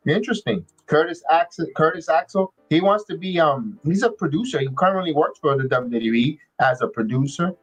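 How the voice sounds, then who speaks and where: A man's voice: fairly high pitch, big pitch swings, breathy edge, soft background music, rough recording. A man hosting a live watch-along, chatting casually and rambling with frequent restarts and fillers. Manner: rambling, halting, many restarts. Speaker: podcast host.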